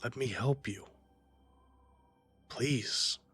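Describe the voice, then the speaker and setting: A man voicing a grim, quiet fighter in a tabletop game, speaking coldly and low-key. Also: drawn-out words, husky, soft background music, exaggerated voice. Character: grim, calm man who thinks he is right.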